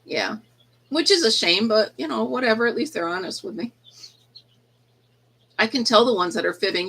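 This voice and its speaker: Baby chicks cheep as a woman chats casually on a phone livestream from an indoor yarn room, laughing frequently, cooing at them, and telling a story about school absences. Her voice is on the high side, expressive, a bit bright and slightly rough, at a moderate pace with many pauses, on a rough recording.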